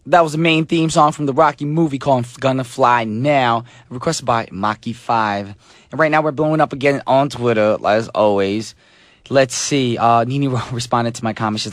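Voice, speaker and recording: A hoarse man hosts a radio show in loose, chatty talk, joking with listeners between songs. His voice sits in the middle range for a man. The studio sound is close and dry. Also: mid-range voice, moderate pace, dry recording. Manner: chatty, joking, many fillers. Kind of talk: casual radio chat.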